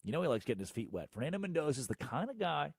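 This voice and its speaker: A man hosting a solo sports talk show, ranting sarcastically and swinging between loud outbursts and low mutters. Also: sing-song, rapid-fire, vocal fry, slightly rough, dry recording, clean studio sound. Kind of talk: solo sports radio rant.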